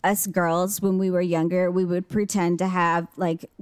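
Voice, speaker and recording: A woman's voice: fairly low pitch, level tone, measured pace, smooth, dry recording. A woman chatting casually as a podcast co-host, telling stories with giggles and free swearing. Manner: giggly, storytelling, swears freely. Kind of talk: casual chat.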